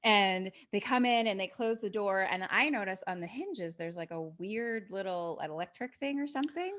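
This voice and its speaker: Bright-voiced woman telling a story. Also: medium pitch, moderate pace. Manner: animated, profane storytelling with acted-out voices. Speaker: podcast co-host. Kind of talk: casual chat retelling a TV episode. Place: live event stage.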